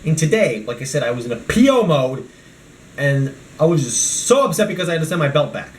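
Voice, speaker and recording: A man talks his way through a toy review vlog, rambling and ranting about whatever comes to mind. His voice sits a bit high and swings widely, with a faint hiss of noise behind it. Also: sing-song, fairly quick, echoey room. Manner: rambling and ranting, jumping between topics. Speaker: vlogger.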